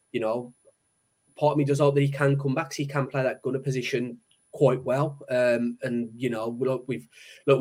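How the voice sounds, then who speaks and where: A man co-hosts a sports podcast, giving firm takes in a middle-pitched, everyday voice. His talk is loose and peppered with you knows. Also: a little mellow. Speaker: podcast co-host. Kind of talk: casual sports chat.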